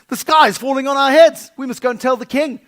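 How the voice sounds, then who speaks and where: A man voicing a panicky little male chick from a folk tale, shrill and alarmed. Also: brisk, a bit bright.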